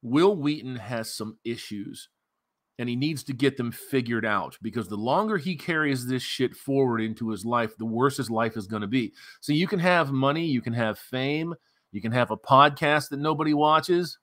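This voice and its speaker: A man's voice: medium pitch, lively intonation, moderate pace, fairly bright tone. A man hosting a commentary channel, mocking a news story in a sarcastic, profane rant.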